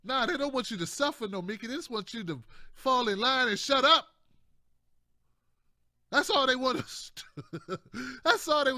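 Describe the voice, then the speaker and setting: Bright, high-voiced man ranting casually. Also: lively intonation, normal speed, long pauses, no room sound, studio quality. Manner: slangy, repetitive, chatty with frequent laughs. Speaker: political commentary host. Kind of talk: casual political commentary.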